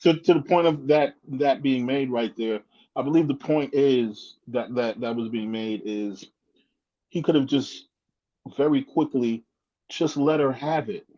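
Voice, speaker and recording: A man's voice: mid-range voice, a little slow, dark tone. Man on a dull lo-fi line, "you know what I mean". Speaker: guest. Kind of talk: casual chat. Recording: dull lo-fi sound.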